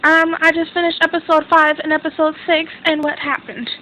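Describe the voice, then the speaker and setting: Young woman reviewer, bright forward voice, excitable rambling chat, a bit high, faint hum behind. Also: a little fast, low-quality recording. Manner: excitable, rambling, self-interrupting. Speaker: drama reviewer. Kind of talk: casual chat recap.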